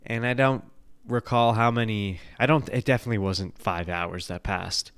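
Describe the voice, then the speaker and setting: Animated podcast host, man from the Bronx, profane storyteller; smooth voice, dry close mic. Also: lowish voice, normal speed, no echo. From the Bronx, New York. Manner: animated, profane, laughing at his own stories. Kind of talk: casual storytelling.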